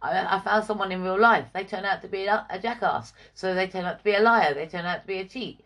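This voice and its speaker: A woman's voice: medium pitch, fast, fairly bright tone. A woman giving forthright, emphatic opinions in a casual group discussion. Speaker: guest.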